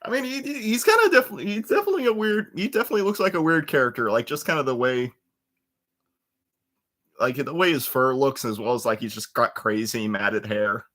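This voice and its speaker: With a medium pitch, lively intonation and a brisk, slightly bright delivery, a twenties-aged man hosts a livestream over a computer webcam mic. He chats casually and rambles, often restarting and letting fillers trail off.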